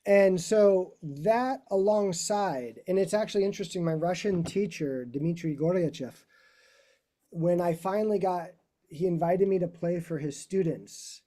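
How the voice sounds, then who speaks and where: A man's voice: sits high, a little slow, dark tone. A middle-aged man, a classical guitarist, talking casually about his career with rambling asides and self-corrections. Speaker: guest speaker, classical guitarist.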